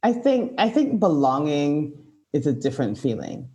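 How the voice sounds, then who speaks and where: A woman's voice: low-pitched, very animated, moderate pace, dark tone, lo-fi sound. A woman, an author and writing coach, giving reflective advice as a podcast guest, with a lot of "like" and "you know". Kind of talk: casual conversational interview.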